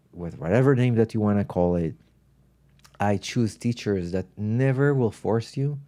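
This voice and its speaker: A man, a spiritual teacher, speaking in an animated, thoughtful way while telling stories in a podcast conversation. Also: fairly low pitch. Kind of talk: reflective storytelling in conversation.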